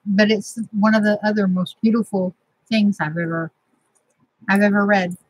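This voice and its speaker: A woman's voice: mid-range voice, fairly even intonation, normal speed, no room sound, poor audio. A middle-aged woman, chatting casually and sentimentally as host of a crafting vlog from her home craft room.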